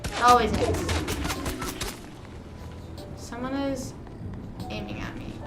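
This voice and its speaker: Young woman streamer, slightly high voice, rambling casual storyteller, roomy echo with music behind. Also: fairly even intonation, slow. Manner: chatty, rambling storytelling with quoted dialogue. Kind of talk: casual chat while gaming live. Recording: roomy room with music playing.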